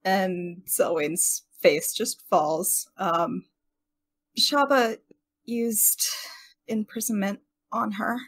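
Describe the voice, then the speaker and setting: A woman's voice: mid-range voice, steady tone, drawn-out words, fairly bright tone. A woman playing a tabletop game, describing her character's actions in a bubbly way. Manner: bubbly, laughs often. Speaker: player. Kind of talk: casual tabletop play.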